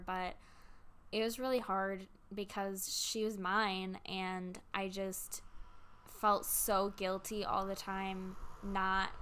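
A young woman in her twenties, close to tears, telling a personal story to camera in a halting way with many pauses and fillers. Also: mid-range voice, fairly bright tone, clean tone. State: tearful, close to crying. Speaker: vlogger.

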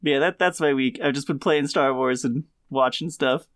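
A man's voice: mid-range voice, normal speed, a bit bright, no echo, clean studio sound. A man co-hosting a casual podcast, laughing often and talking enthusiastically about a video game. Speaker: podcast co-host. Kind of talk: casual chat.

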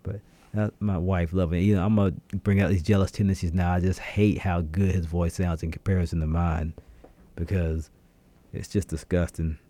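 A man co-hosting a podcast alone from a radio studio, chatting casually and talking straight to his listeners in slangy, animated bursts. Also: deep voice, moderate pace. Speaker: podcast co-host. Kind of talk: casual solo podcast chat.

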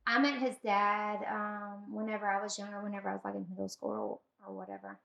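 A woman's voice: mid-range voice, brisk, gravelly, echoey room, highs cut off. A woman, chatting and telling stories about her life. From Southern United States. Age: 30s. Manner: chatty, animated storyteller. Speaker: guest. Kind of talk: casual chat.

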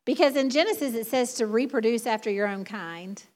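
A woman's voice: on the high side, brisk, a little mellow. A middle-aged woman preaching a sermon in a chatty, conversational way, laughing often.

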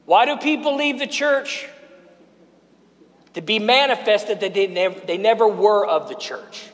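A pastor with a high voice and a measured pace preaches a sermon in a church sanctuary. He calls out to the congregation and asks them to answer back. A long hall reverb follows his words.

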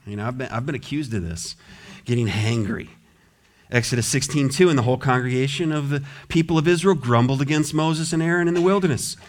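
A man preaching a sermon in a church, lively and often acting out the voices of a grumbling crowd. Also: mid-range voice, a little fast. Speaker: pastor. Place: church sanctuary.

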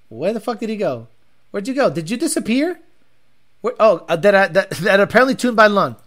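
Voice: medium pitch, big pitch swings, a little fast, pushed and bright. A livestream host reading viewer comments and ranting about car tuning with profanity and mockery.

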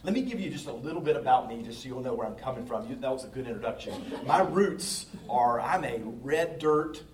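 A man's voice: medium pitch, expressive, a little fast, reverberant, distant mic, slight background noise, rough recording. A man in his fifties from the Southern United States, a pastor speaking to a congregation in a folksy, engaging way. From Southern US, North Carolina. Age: 50s. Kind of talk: talk to a congregation. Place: church sanctuary.

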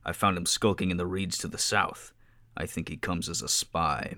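A man reading a stern, suspicious soldier in a blunt, measured way. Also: deep voice, bright, forceful tone, dry recording, clean studio sound.

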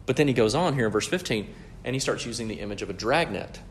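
A man's voice: mid-range voice, lively intonation, quick pace, a little hiss or hum. A man preaching a sermon in an earnest, teaching way, often checking in with his listeners. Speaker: pastor.

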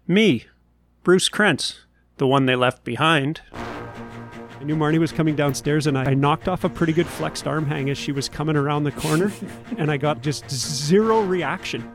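A man's voice: on the high side, fairly even intonation, moderate pace, music in the background. A man hosting a podcast in a casual, easygoing way, with a wry edge. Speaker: podcast host.

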